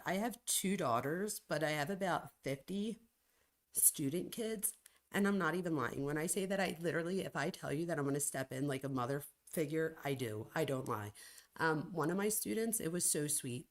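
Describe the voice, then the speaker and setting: A woman in her forties hosting a casual livestream, reading out viewer comments in a chatty, gushing way, with sudden excited jumps in pitch. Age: 40s. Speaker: livestream host and college professor.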